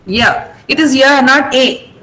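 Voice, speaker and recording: A middle-aged woman with an Indian English accent teaching pronunciation online, patiently repeating words slowly over a video call. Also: sits high, bright, forceful tone, rough recording. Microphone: computer mic on a video call.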